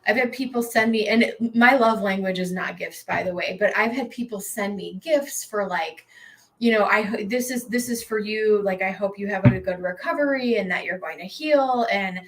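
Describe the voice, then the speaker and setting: A woman's voice: mid-range voice, moderate pace, low-quality recording. Rambling, emotional woman tarot streamer. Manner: emotional, rambling, with many fillers and restarts. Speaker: tarot reader hosting a live stream. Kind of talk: casual live-stream chat.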